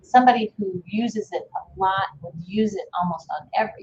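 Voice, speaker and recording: A woman's voice: medium pitch, brisk, hardly any pauses, darkish tone, slight background noise. Woman coach, casual explainer, laughs easily; roomy, dull call audio. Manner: explains with demonstrations, laughs often. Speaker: speech and voice coach. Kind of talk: casual live-stream chat. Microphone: video call.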